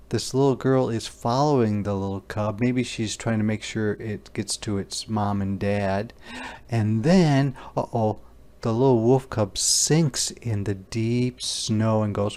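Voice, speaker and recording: Slow, gravelly-voiced man reading to children. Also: medium pitch. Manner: slow, gentle, asks the listener questions, voices animal sounds. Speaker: teacher. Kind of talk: interactive picture-book read-aloud for young children.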